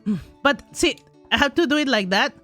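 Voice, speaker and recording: A woman's voice: sits high, animated, fairly quick, a bit bright, faint music behind. A woman commentating her own gameplay, talking to herself, giggling often and crying out when things go wrong. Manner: giggly, self-talking, exclaims in frustration. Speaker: gaming streamer.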